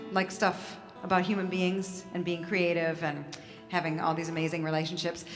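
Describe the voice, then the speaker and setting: A woman's voice: on the low side, fairly bright tone, long reverb tail. A woman folk musician chatting casually from the stage between songs at a live concert. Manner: chatty and casual, with loose filler words. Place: concert venue at a music festival.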